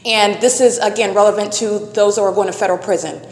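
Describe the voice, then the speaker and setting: A woman's voice: medium pitch, fairly even intonation, fast. A woman vlogger talking into her phone outdoors by a parking lot, in an accusatory, insistent and repetitive monologue. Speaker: vlogger documenting her surroundings. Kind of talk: rapid recorded monologue addressed to the camera.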